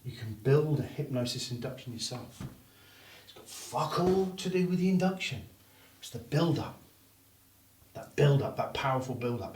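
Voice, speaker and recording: A male hypnotherapy trainer who talks bluntly and swears freely, then slides into slow, hypnotic suggestions for his demonstrations. He is recorded from a distance in a roomy space, with faint noise in the background. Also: medium pitch, lively intonation, a little mellow. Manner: blunt and heavily profane.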